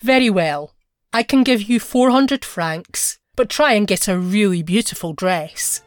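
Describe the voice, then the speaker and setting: A woman's voice: mid-range voice, expressive, a little slow, no echo, studio quality, lightly acted. A woman reading a story aloud, voicing an anxious clerk husband who talks in an earnest, pleading way. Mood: coaxing. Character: anxious eager-to-please husband, a modest clerk.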